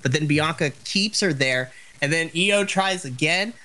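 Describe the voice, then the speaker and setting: A man co-hosting a wrestling podcast in casual chat, passionate and excitable, tripping over his words when worked up. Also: fairly high pitch, measured pace. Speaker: podcast co-host.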